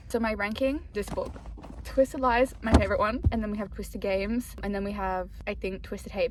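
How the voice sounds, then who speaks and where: A young woman chatting casually in a reading vlog, gushing about books with lots of fillers and quiet whispered asides. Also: medium pitch, background noise. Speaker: book vlogger.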